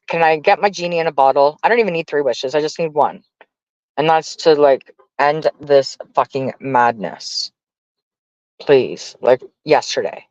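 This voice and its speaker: A woman's voice: deep voice, darkish tone, dry recording. Woman streamer, profane rambling rant, muffled dry mic. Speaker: livestreamer. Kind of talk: casual live-stream rant. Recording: dull dry lo-fi stream audio.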